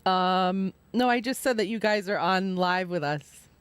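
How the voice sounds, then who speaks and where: A woman's voice: lowish voice, a little slow, smooth, no room sound. A woman hosting a live stream, chatting casually and laughing often as she tells stories. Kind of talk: casual chat.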